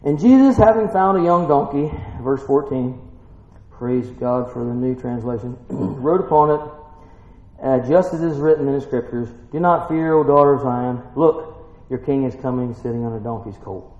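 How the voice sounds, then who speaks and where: A man preaching a folksy Bible-teaching sermon, swinging between quiet musing and excited exclaiming. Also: mid-range voice, normal speed. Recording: echoey room, muffled lo-fi sound.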